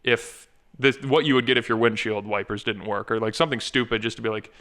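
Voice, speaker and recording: A young man co-hosting a podcast, telling rambling, animated stories in casual chat. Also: mid-range voice, quick pace, hardly any pauses. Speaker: podcast co-host.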